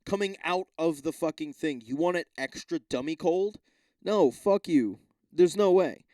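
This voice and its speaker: A man hosting his own podcast, talking off the cuff in a loose, profane ramble that keeps doubling back on itself. His voice sits a little high but sounds mellow and warm. The room is dry and close, with no echo. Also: unhurried. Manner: rambling, profane, self-interrupting. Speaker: podcast host. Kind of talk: casual solo rant.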